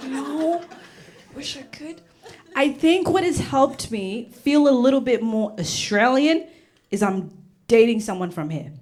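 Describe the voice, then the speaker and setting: A woman's voice: high-pitched, expressive, a little slow, a crowd in the background. A young woman from Uganda performing a stand-up comedy set on stage before a live audience, with a brash, punchy delivery. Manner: brash, punchy delivery with laughs between jokes.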